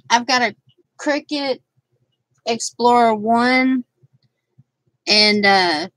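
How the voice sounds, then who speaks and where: Slow-talking, chatty woman crafter. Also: on the high side, fairly bright tone, no echo, poor audio. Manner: chatty and rambling, greeting viewers by name; laughs often, trails off with fillers. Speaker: craft channel host. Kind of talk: casual live crafting chat.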